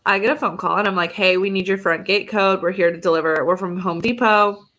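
A woman's voice: mid-range voice, steady tone, brisk, fairly bright tone. A young adult woman co-hosting a podcast, telling a story in a casual chat and acting out both sides of phone calls. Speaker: podcast co-host.

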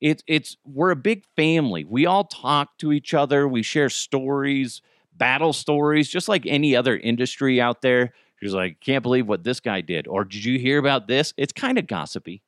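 A man with a Cajun accent hosting a podcast, telling stories in a joking, profane, animated way. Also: mid-range voice, normal speed, no echo, clean studio sound. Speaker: podcast host. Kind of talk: casual comedic monologue.

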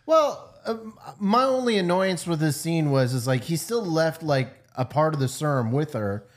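A man co-hosting a casual movie review podcast, chiming in with quick reactions and side comments. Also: on the high side, lively intonation. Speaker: podcast co-host.

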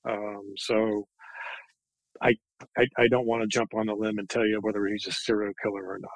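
A man speaking as a panel guest, hesitant and halting, with many fillers. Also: lowish voice, level tone, no echo, poor audio.

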